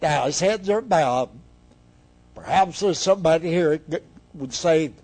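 An older man preaching a sermon in a slow, earnest way, with pauses between phrases. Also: on the high side, a little mellow. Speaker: guest preacher.

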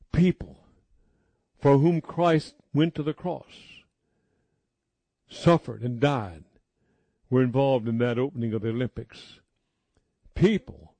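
A man preaching a sermon emphatically, slowing down to stress key words. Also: on the high side, mellow, no room sound.

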